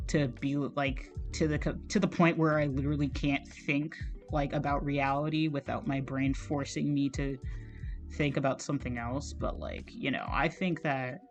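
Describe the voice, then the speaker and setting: A man streaming while he draws, talking in a rambling, casual way, full of "like" and swearing. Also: fairly high pitch. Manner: rambling, heavy use of "like", frequent swearing. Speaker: art streamer.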